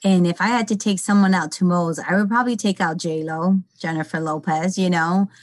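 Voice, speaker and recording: Middle-aged woman, podcast guest, measured and hesitant, low voice, dry mic. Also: steady tone, no room sound. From Connecticut, US. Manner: measured, hesitant with frequent ums. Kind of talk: casual interview chat.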